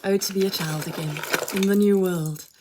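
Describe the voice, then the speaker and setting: A woman's voice: medium pitch, fairly even intonation, moderate pace, heavy background noise. A mother chatting casually as she unboxes a shopping haul, gushing and exclaiming over each item.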